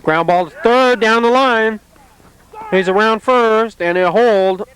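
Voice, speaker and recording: A man calling play-by-play at an amateur softball game outdoors, in a calm, steady, plainly descriptive way. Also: sits high, takes it slowly, a little hiss or hum, low-quality recording. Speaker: play-by-play announcer.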